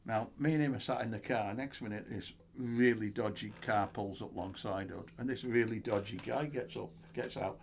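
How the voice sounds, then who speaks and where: A man, a co-host telling animated stories in casual chat and acting out the dialogue. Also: on the low side, normal speed, vocal fry, few pauses, a little hiss or hum. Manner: animated anecdote-teller, acts out dialogue.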